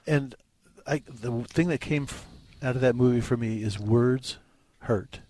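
A man's voice: mid-range voice, a little slow, dark tone, no room sound. Easygoing male movie critic. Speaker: radio co-host and movie critic. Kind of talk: casual radio chat about movies.

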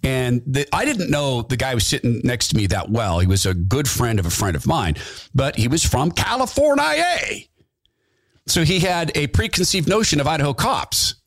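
A man's voice: medium pitch, big pitch swings, moderate pace, no echo, clean studio sound. A middle-aged man hosting a talk radio show, telling folksy stories and acting out the quotes. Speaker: radio host. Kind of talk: storytelling talk radio monologue.

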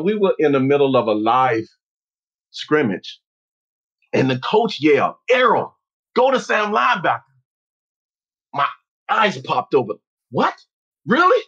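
Guy telling his own story real slow and earnest, husky voice, muffled lo-fi sound. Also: on the high side. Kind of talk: personal storytelling talk.

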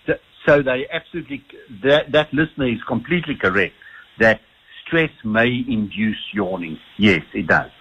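A South African man on a radio call-in, a doctor explaining things slowly. His voice is husky and the line is dull and lo-fi. He restarts and repeats words as he thinks. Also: mid-range voice, lively intonation, fairly bright tone. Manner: hesitant, repeats words often. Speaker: sleep doctor guest. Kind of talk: radio phone-in interview.

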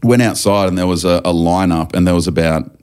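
Low-voiced man telling rowdy stories. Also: steady tone, a little fast, a little mellow, clear, resonant tone. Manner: rambling, laughing, swears a lot. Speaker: podcast guest. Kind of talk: casual storytelling.

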